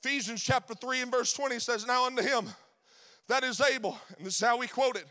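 A man preaching a sermon, rising into shouted, sing-song preaching. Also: very high-pitched, fairly even intonation, a little fast. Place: church sanctuary.

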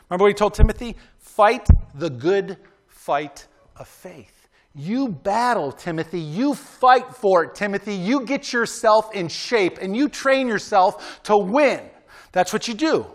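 A man's voice: sits high, a bit bright. A man preaching a sermon in a casual, conversational way, often asking his listeners "right?" and urging them on emphatically. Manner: emphatic, exhorting. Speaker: pastor.

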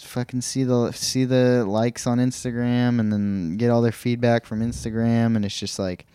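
A man's voice: mid-range voice, a little mellow, clean tone, no room sound. A young man co-hosting a podcast in casual chat, rambling and hesitant with many restarts. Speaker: podcast co-host.

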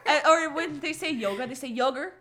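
Animated young woman, high voice that swoops around a lot, bright, laughs a bunch. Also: fast. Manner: animated, laughing, talks with her hands. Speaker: podcast co-host. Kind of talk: casual chat.

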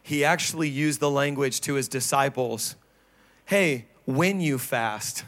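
A male pastor preaching a sermon on stage, animated and playful, with sudden drops into low, quiet emphasis. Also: unhurried. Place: church stage.

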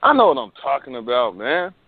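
A man's voice: medium pitch, wildly swooping pitch, a little fast, creaky, breathy edge. A man co-hosting a casual chat about battle rap, slangy and laughing often, repeating words as he goes. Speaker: podcast co-host. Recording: tinny phone-like line with faint hiss.

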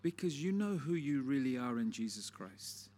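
Preacher with rhetorical questions. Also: male voice, medium pitch, sing-song, moderate pace, dark tone. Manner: conversational storytelling with rhetorical questions. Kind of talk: sermon.

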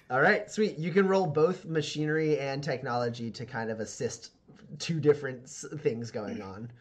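A man's voice: mid-range voice, moderate pace. A man narrating as game master, rambling with many fillers and restarts.

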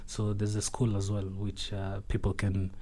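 A man, an animation studio founder speaking as a guest in a radio studio, halting and thoughtful with many fillers. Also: lowish voice, completely flat delivery, dark tone, a little hiss or hum. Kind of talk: radio interview.

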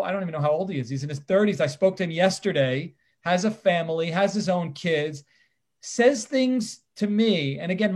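Guy in his 50s telling stories, high voice, really animated, acts out who said what. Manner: animated, emphatic storyteller who acts out the dialogue. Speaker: guest, criminal defense attorney. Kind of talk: personal storytelling in conversation.

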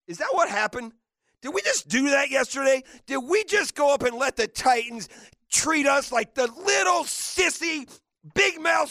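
Fired-up man ranting, high gravelly voice. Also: dry recording, studio quality. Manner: fiery, mocking, shouting bursts. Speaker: sports radio host. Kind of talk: heated sports radio rant. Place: radio studio.

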